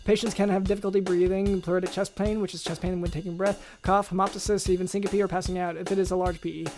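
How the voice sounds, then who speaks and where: Podcast co-host, medical lesson, fast, monotone, soft music behind. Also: medium pitch. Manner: rapid technical reading with fillers.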